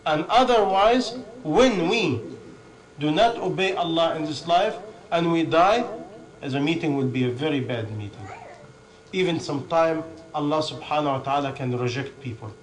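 A man with a fairly high voice delivers a sermon in non-native English. He hammers home each point with long lists and quick rhetorical questions, then answers them himself. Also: a crowd in the background, rough recording. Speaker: preacher.

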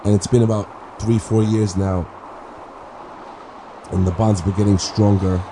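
A man with a somewhat low voice recounts a personal story in an easygoing, halting way. He restarts sentences and repeats words, and he leans on fillers as he goes. Steady ambient noise runs clearly behind him. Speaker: speaker sharing a personal faith story.

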